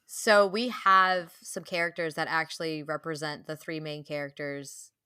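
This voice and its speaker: A young woman co-hosts a podcast in an eager, chatty way, with plenty of fillers and frequent laughs. Her tone is bright and forceful, a little low for a woman. The recording is close and dry. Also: steady tone, moderate pace, clean tone, no echo. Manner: enthusiastic, laughs often, many fillers. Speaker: podcast co-host. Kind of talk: casual podcast chat.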